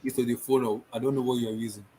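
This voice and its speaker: A man hosting a casual football podcast, talking excitably and repeating himself. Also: mid-range voice, fast, a little hiss or hum. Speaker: podcast host.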